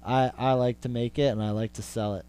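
A man's voice: mid-range voice, fairly even intonation, brisk, warm tone, smooth. A young adult man hosting a podcast, delivering a profane, exasperated comedic rant full of repetition. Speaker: podcast host. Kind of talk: comedic ranting monologue.

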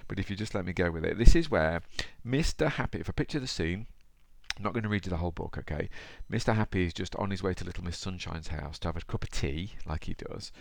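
Chatty man, deep gravelly voice. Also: animated, fast talker, dry recording. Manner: chatty, conversational, addresses the listener directly. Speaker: podcast host. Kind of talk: motivational podcast talk with storybook reading.

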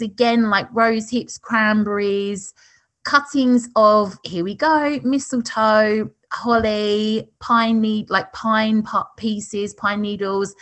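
A woman's voice: a little high, a bit bright. Chatty woman co-hosting a casual podcast. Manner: chatty, laughing, many fillers. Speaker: podcast co-host. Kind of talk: casual chat.

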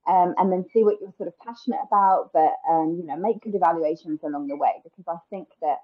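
Husky low woman on a tinny line. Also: fast talker. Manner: thoughtful and rambling. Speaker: wedding planner guest. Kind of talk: casual podcast interview.

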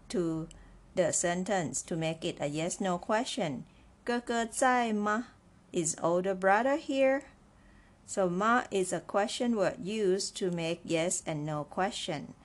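Woman, language teacher, low-pitched, slow and patient classroom delivery. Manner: patient, repeats words and asks "right?". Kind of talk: slow, clear classroom lesson.

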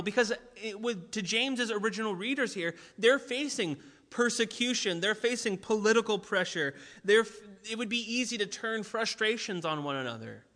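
Bright-voiced young male preacher in a hall. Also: sits high. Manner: conversational, animated, full of fillers. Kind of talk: sermon with personal story. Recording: long hall reverb.

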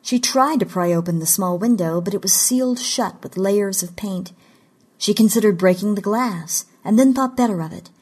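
A woman narrating a fantasy short story in a measured, deliberate storytelling delivery. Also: mid-range voice, darkish tone, slightly rough. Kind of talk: scripted audiobook narration of fiction.

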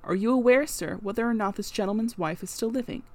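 A woman reading the part of an older male clergyman, gentle and easily flustered, in an audiobook. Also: a little high, quick pace, close to an everyday voice. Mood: mild.

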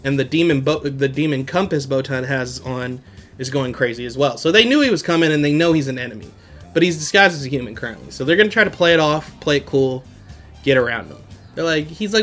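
A man's voice: medium pitch, lively intonation, fast, fairly bright tone, soft background music. A young man hosting a podcast, recapping an anime in casual, slangy chat and laughing often. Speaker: podcast host.

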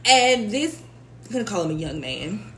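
A woman co-hosting a podcast, with a mid-pitched voice and faint noise in the background. She tells stories, swearing freely. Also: normal speed, poor audio. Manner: animated, profane storytelling. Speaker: podcast co-host. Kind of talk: casual chat.

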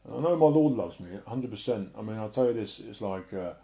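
A middle-aged man sharing an emotional personal testimony and preaching in an earnest way, often sinking to a soft murmur. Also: lowish voice, animated, fast. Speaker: Christian speaker.

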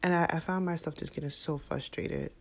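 A woman, a mother, speaking to camera in a casual, heartfelt way, reflective and halting, with many fillers and restarts. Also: low-pitched, fairly even intonation, creaky. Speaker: parent vlogger.

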